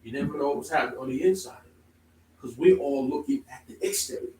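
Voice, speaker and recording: A man preaching a sermon to a congregation, emphatic, moving from calm explaining to loud exclamations. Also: on the high side, quick pace, slight background noise. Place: congregation hall. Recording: echoey room, from far off.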